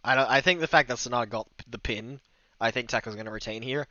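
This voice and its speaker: A man's voice: medium pitch, fast, bright, forceful tone, no room sound, lo-fi sound. An Australian man hosting a casual podcast chat, joking, swearing freely and laughing often. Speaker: podcast host.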